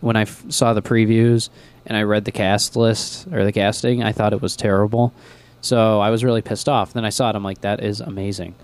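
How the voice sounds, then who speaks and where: A man's voice: lowish voice, level tone, a little fast. A young man co-hosting a radio show, chatting casually in a rambling, joking way with lots of fillers. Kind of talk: casual chat.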